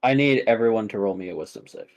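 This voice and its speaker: A man's voice: lowish voice, fast talker, darkish tone, highs cut off. A man running a tabletop game as game master, narrating casually with many fillers.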